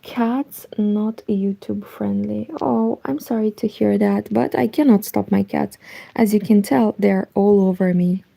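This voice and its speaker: Romanian-accented woman talking soft at home late at night, nearly lost her voice, very dark mellow tone, reads chat out. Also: medium pitch, steady tone, a little slow, gravelly. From Eastern Europe. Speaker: knitting livestreamer.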